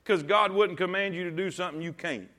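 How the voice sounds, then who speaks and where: A man's voice: high-pitched, a little fast, bright, forceful tone. A man preaching a sermon to a congregation in church, emphatic, with many rhetorical questions, calling his listeners to read along with him. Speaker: pastor. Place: church service.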